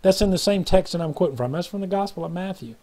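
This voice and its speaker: A man's voice: high-pitched, expressive, fast, dark tone. A man preaching an earnest, rambling sermon to his viewers and acting out the voices of a parable he retells. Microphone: webcam or phone video.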